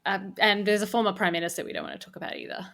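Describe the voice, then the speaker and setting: Bright-voiced woman. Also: medium pitch, expressive, very fast, gravelly. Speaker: audio drama co-creator, guest. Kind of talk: casual chat.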